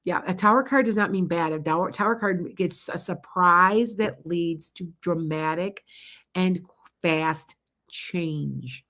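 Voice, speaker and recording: A woman's voice: on the low side, slow, a bit bright. A middle-aged woman doing a live-streamed tarot reading, chatting casually and calling out viewers by name. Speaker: psychic tarot reader.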